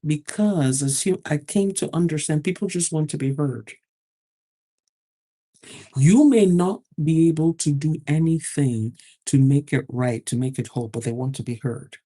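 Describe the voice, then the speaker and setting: Woman host with a mellow voice, lively storyteller who acts out the dialogue. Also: low voice, unhurried, breathy edge. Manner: animated, acts out quoted exchanges. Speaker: advice host. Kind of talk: storytelling talk.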